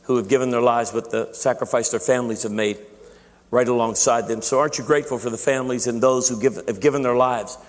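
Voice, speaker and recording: Speaking fast in a steady, medium-pitched voice, a male pastor delivers his sermon with casual chat, self-mocking humor, and many restarted sentences. The recording carries a long, large-hall echo.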